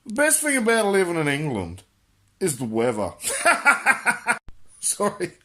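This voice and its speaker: A man's voice: sits high, wildly swooping pitch, slow, a bit bright. A man with an Australian accent hosting a crude comic monologue, answering viewer questions in a brash, boisterous way and laughing at his own jokes.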